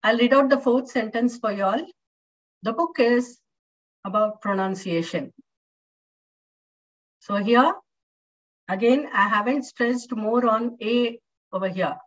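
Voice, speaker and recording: A woman's voice: fairly high pitch, measured pace. A woman with an Indian English accent teaching a live online university English lesson, explaining patiently with many fillers and questions to her students. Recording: distant, muffled online-class audio.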